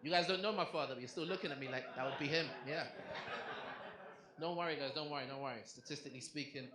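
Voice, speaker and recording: A young man doing a stand-up comedy set, chatty and animated, asking the crowd questions on a club stage. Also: fairly high pitch, fast. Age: young adult. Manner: conversational, animated punchlines, asks the crowd questions. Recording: echoey club with crowd noise.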